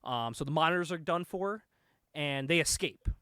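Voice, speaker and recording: A young man co-hosting a casual show, excitedly retelling a movie plot, laughing often, swearing and acting out the lines. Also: a little high, normal speed, smooth, dry recording, studio quality. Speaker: podcast co-host.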